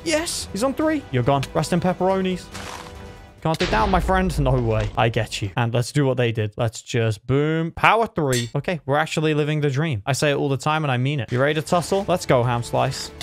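A young man talks through his gameplay with a lively voice that swings up high when a fight gets tense. His pitch sits in the middle range. Soft music plays faintly behind him. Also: brisk. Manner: excitable, pitch jumps sharply in tense fights. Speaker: gaming streamer. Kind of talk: live gameplay commentary.

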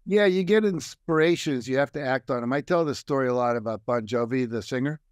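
Older male guest, animated storyteller, medium pitch, dry close sound. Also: fairly quick, clear, resonant tone, dry recording. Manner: animated storyteller, acts out quoted voices. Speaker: guest, success coach and author. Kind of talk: storytelling in a conversation.

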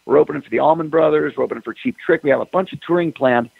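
A rock singer in a casual interview tells stories and acts out phone calls in quoted voices. His voice is a little high, husky and full of vocal fry, and he races along. The recording is a dry, tinny phone line with no echo.

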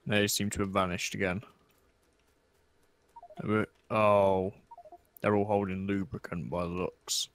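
Chatting casually over a multiplayer factory game and then closing out the episode, this co-host is relaxed and a little unsure, using fillers. He speaks slowly in a low, level voice with long pauses.

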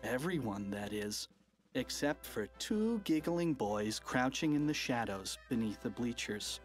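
A narrator reading a children's audiobook with an animated, playful delivery. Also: medium pitch, a little slow, soft background music.

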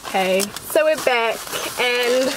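A woman's voice: on the high side, expressive, slow. Giggly young New woman, distant. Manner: giggly, chatty, talks over her friend. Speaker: vlogger. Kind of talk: casual chat. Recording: echoey, distant, noisy.

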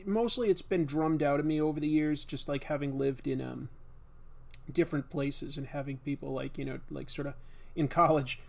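Relaxed, rambling man streaming while drawing. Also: on the high side, moderate pace, vocal fry. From Massachusetts, US. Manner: relaxed and rambling, with many fillers. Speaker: livestream host and artist. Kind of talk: casual chat while drawing.

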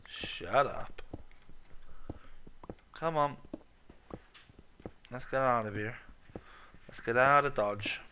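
A man's voice: mid-range voice, very slow, long pauses, bright, forceful tone, slight background noise. A man giving a goofy, sweary running commentary while playing a video game. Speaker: gaming channel host. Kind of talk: casual let's-play commentary.

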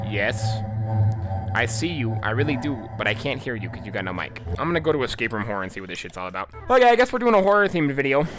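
A man giving casual, profane gameplay commentary as a YouTube host, excitable and easily spooked. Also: medium pitch.

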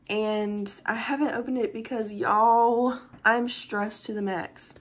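A woman's voice: mid-range voice, husky. A young woman, chatting through an unboxing vlog, gushing and close to tears. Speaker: vlogger.

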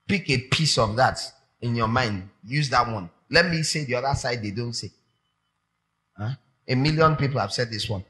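A man preaching a sermon, animated and emphatic, repeating phrases for effect. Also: medium pitch.

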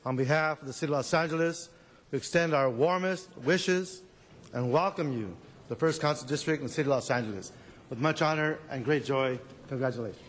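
A man's voice: on the high side, brisk, long reverb tail, noisy background. Man reading a formal proclamation. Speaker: council member presenting an award. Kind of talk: formal presentation at a council meeting. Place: city council chamber.

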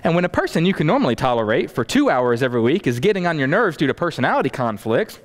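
A man preaching a storytelling sermon to a congregation, animated, acting out scenes and adding folksy asides. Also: on the high side, fast talker, hardly any pauses, a little hiss or hum. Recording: long hall reverb.

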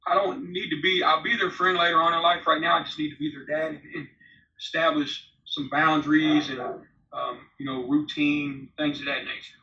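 Man, forties, interview guest, blunt, profane, rambling, bright forceful voice, roomy distant sound. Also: on the high side, little pitch movement, moderate pace, a little hiss or hum. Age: 40s. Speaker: interview guest, former prisoner. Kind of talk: candid storytelling interview. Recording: roomy, distant, slightly dull remote audio.

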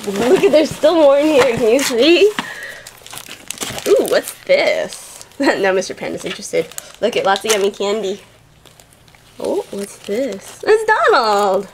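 A woman's voice: fairly high pitch, animated, takes it slowly, pauses often, noisy background. A young woman hosting a toy channel, gushing and giggling as she unboxes a package at home on camera. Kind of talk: excited unboxing chat.

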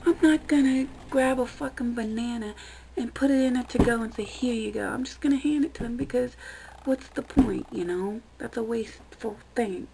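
A young woman vlogging, ranting in an exasperated, profane way with a gravelly voice. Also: a little high, very noisy. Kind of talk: casual ranting vlog.

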